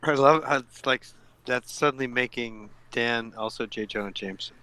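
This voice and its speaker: A man's voice: medium pitch, moderate pace, sharp tone, a little hiss or hum, rough recording. A man playing a tabletop game, amused and laughing often. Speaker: player.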